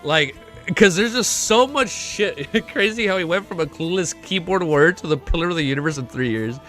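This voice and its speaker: A young man hosting a casual livestream, excitable and swearing often, reading chat aloud. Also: a little high, moderate pace. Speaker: livestream host. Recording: faint music behind.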